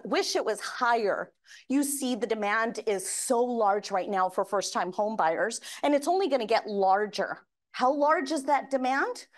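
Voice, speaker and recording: A woman giving a lively conference keynote, speaking energetically to the room and getting the audience to raise their hands. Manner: acts out quoted voices with big pitch swings.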